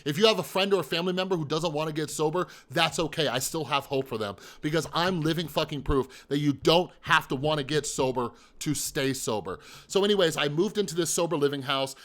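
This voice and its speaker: This is a man in his thirties telling his own story on camera, blunt and profane. His voice sits a little high for a man. He hammers points home with repetition and keeps turning to the listener with rhetorical questions. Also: a little fast, few pauses, fairly bright tone. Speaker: mental health vlogger. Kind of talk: candid personal storytelling.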